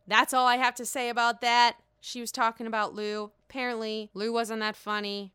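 Woman podcast host, fairly high, bright and crisp voice, gossipy and foul-mouthed, casual solo recap. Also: brisk, few pauses, no room sound, clean studio sound. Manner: gossipy, profane, playful.

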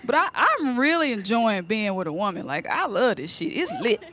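A woman's voice: a little high, moderate pace. A woman doing a stand-up comedy set, telling stories with slang and laughing often. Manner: laughing, animated storytelling with slang.

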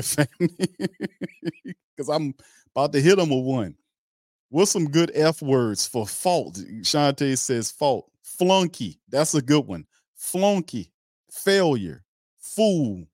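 On his sports fan livestream, a male host delivers heated commentary, ranting bluntly and with mockery, slang, and cursing. His voice is mid-range with a darkish tone, captured in clean studio sound without echo.

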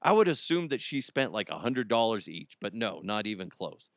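A man's voice: on the low side, big pitch swings, normal speed, creaky, dry recording, clean studio sound. A man hosting his own podcast alone, rambling and joking and laughing at his own stories. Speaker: podcast host. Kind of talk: casual solo podcast monologue.

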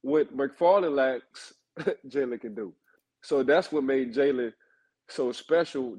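Slightly rough and darkish, a mid-range male voice comes through a low-quality recording. He co-hosts a football talk show as an analyst, trading stories in relaxed conversation and repeating names to drive points home.

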